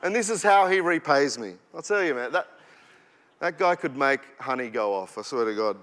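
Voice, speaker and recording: A young Australian man performing spoken-word poetry on stage, with a rhythmic, punchy delivery that swings between sudden drops and loud bursts. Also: mid-range voice, animated, moderate pace. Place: performance hall. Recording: long hall reverb.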